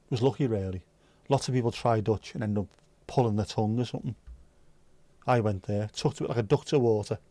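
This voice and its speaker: A man's voice: on the low side, fast talker, dark tone, dry recording. Chatty Scouse man, dry sound. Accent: Liverpool (Scouse). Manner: jokey, rambling, chatty. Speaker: livestream host. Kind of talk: casual livestream chat.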